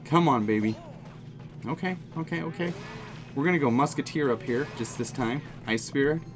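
A man giving excited, jokey running commentary on his own mobile game, talking straight to his viewers. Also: medium pitch, fairly quick, music in the background. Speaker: gaming channel host. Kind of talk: live gameplay commentary.

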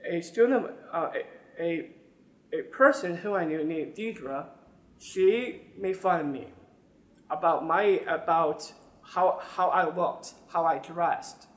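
A young adult man telling a personal story straight to his listeners, earnest and repeating words as he goes. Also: fairly high pitch. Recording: roomy sound with faint music.

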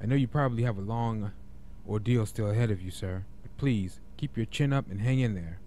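A man's voice: fairly low pitch, fairly quick, mellow, a little hiss or hum, close to an everyday voice. A man voicing a polite, cheerful male household helper in a game, addressing the other man courteously as sir.

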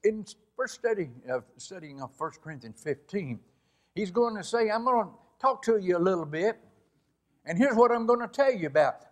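A man preaching a sermon, reading scripture aloud and explaining it verse by verse, dropping his voice low to press a point.

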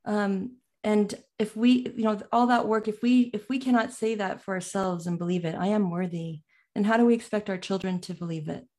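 A woman speaks as a guest coach in a casual chat. She sounds earnest and heartfelt, with a quick laugh. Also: mid-range voice, steady tone, dark tone.

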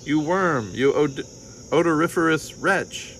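A man voicing a hot-tempered male talking bone that scolds loudly. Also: mid-range voice, brisk, slight background noise, natural voice. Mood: scolding. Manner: loud, scolding outbursts.

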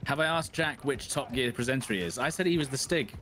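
Playful man, lively pitch. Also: quick pace, slight background noise. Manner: joking, playful, animated. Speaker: gamer co-player. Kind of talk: casual gaming banter.

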